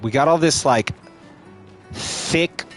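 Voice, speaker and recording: A man's voice: fairly high pitch, slow. A man casually commenting on a game he streams live, joking and swearing, with game music behind.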